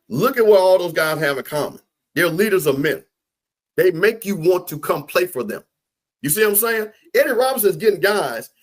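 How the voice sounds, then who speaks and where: A man talking sports in an animated, emphatic way, repeating himself and preaching his point. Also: fairly high pitch. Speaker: podcast guest, HBCU football commentator.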